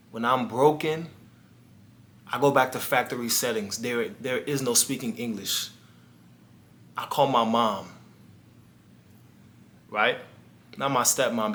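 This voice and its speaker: Man, life coach, earnest motivational storytelling, crisp bright tone, speaks straight to the viewer. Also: medium pitch, slight background noise. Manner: earnest, talks straight to the viewer, acts out dialogue.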